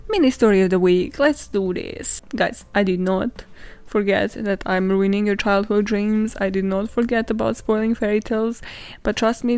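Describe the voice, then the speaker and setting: A young woman hosting a podcast, telling stories in a casual, sweary, animated way and laughing often. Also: medium pitch, gravelly, dry recording. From not British, lives in London. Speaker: podcast host. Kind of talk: casual chatty storytelling.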